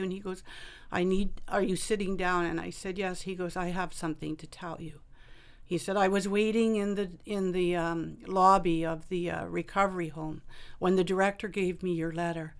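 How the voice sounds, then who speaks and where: A woman author telling a personal story in a radio interview, halting and full of fillers and restarts. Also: on the low side, steady tone. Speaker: author and guest.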